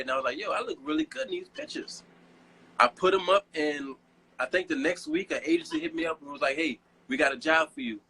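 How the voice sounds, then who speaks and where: A young man being interviewed as a guest model, telling stories in a casual, animated way and laughing often. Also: mid-range voice, a little hiss or hum, low-quality recording. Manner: giddy, laughing, animated storytelling.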